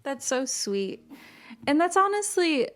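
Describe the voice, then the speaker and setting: A woman's voice: high voice, very animated, slow, faint music behind. A young woman from Miami hosting a casual podcast chat, talkative and laughing often, with many fillers. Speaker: podcast host.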